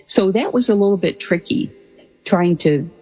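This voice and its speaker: This former military pilot, now in her sixties, speaks with a mid-range, mellow, slightly rough voice, lively intonation and a moderate pace. Interviewed in a large space on a poor recording, she recounts her experiences earnestly and reflectively. Her conversational storytelling is full of restarts and soft laughter.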